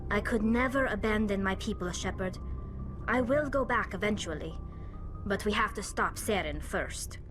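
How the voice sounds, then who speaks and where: An actress voicing a young, homesick alien engineer in game dialogue, soft-spoken and hesitant. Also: female voice, medium pitch, normal speed, music in the background, natural voice. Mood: wistful.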